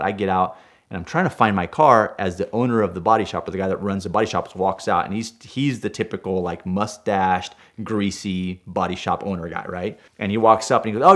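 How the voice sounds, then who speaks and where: A man in his forties spins a personal anecdote with a lowish voice. He grows fired up and loud as the tale unfolds, tossing in "right?" to keep the listener with him. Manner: gets fired up and loud while retelling; punctuates with "right?". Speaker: guest storyteller.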